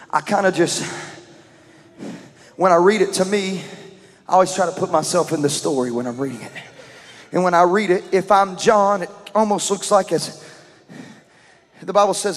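A man preaching a sermon in a church, moving from shouted calls to praise into relaxed, conversational explanation of scripture. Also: sits high, unhurried, pauses often, big-room sound. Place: church sanctuary.

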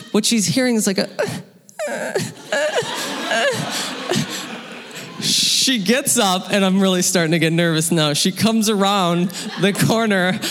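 A man telling a personal story live on stage, lively and laughing, acting out the voices of his parents. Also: sits high, background noise. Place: hall with audience. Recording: long hall reverb.

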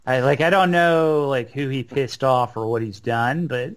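A man's voice: mid-range voice, normal speed. Hesitant, wry man chatting. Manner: hesitant, filler-heavy, wry. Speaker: podcast co-host. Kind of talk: casual chat.

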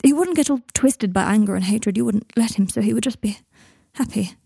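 Woman reading an earnest soft-spoken young wizard, mellow and dry. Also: fairly high pitch, brisk, creaky, breathy edge, no room sound.

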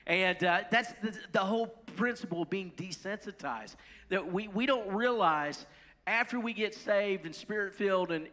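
A man preaches to his congregation in a relaxed, conversational way, with quick asides and self-corrections. His voice sits a little high for a man. A long reverb from a large hall trails behind his words. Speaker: pastor. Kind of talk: sermon.

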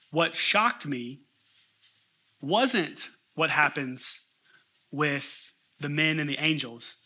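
Pastor, male, high and very bright voice, lively preaching with scripture reading. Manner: animated, incredulous asides, voices characters when reading.

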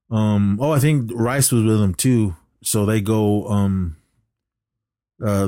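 A man's voice: lowish voice, a little mellow, no echo. Guy rambling thru a movie recap on a podcast, lots of ums, dry close sound. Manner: rambling retelling with many fillers, acting out lines. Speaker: podcast co-host. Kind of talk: casual movie recap chat.

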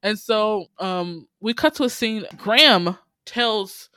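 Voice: mid-range voice, takes it slowly, sharp tone, clear, resonant tone, no echo. A podcast host casually recapping episodes, animatedly retelling scenes, acting out characters' lines and swearing freely.

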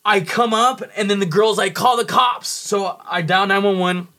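A man with a high, light voice and a Californian accent tells a wild story in loose, casual talk. He swears freely and slips into the voices of the people he describes, with plenty of frantic energy. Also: fairly even intonation, moderate pace, pushed and bright. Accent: Californian English. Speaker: podcast guest.

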